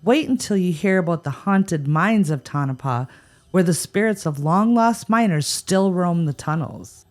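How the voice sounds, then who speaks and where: A woman with a slightly low voice that swoops and jumps with animated energy co-hosts a scripted ghost-story podcast. She answers the spooky tales with wry, sarcastic quips. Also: unhurried. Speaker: podcast co-host. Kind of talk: scripted paranormal podcast chat.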